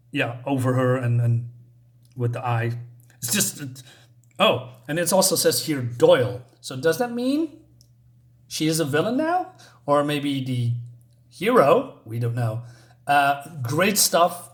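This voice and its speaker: A man's voice: medium pitch, lively intonation, slow pace. A man giving a casual spoken comic book review, rambling with lots of fillers and restarts.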